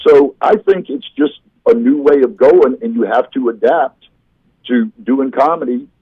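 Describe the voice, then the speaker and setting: A comedian guest on a video call, telling rambling, self-deprecating stories in casual chat. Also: male voice, medium pitch, expressive, measured pace, breathy edge, no room sound, muffled recording.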